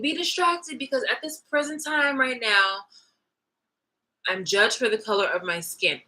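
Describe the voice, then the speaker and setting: A woman's voice: a little high, unhurried, bright, forceful tone, low-quality recording. A woman vlogging in a heated, profane monologue rant, restarting and repeating her phrases as she talks.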